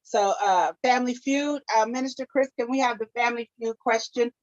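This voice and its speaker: A woman's voice: fairly high pitch, brisk, a little mellow, no room sound, muffled recording. A woman co-hosting a live talk show, chatty and laughing often as she runs a quiz game. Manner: chatty, laughs often, drops into playful foreign phrases. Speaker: co-host running a game segment. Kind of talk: casual live podcast chat.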